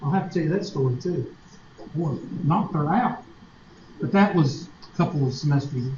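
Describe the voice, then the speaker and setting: A man's voice: a little high, expressive, moderate pace, a little mellow, slight background noise. Joking Southern man telling classroom stories. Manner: folksy, joking, mocks nasal voices. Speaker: teacher. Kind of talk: storytelling to a class. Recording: echoey lo-fi classroom recording.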